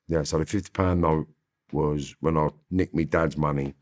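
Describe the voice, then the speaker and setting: Deep-voiced London man telling stories. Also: moderate pace. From Northwest London. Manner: slangy, streetwise, animated when recounting. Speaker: interview guest. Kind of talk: casual storytelling.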